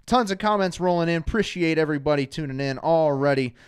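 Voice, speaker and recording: A man hosting a live fan talk show from a studio, energetic and reading out viewers' names. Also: on the high side, fast talker, clean tone. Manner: energetic, shouts out viewers by name. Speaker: show host. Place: studio under hot lights.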